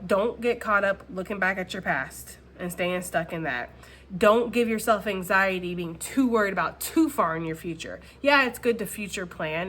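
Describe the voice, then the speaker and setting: A woman's voice: mid-range voice, fairly bright tone. A woman talking through a casual tarot card reading at home in a chatty way. She laughs often and repeats phrases. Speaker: tarot reader.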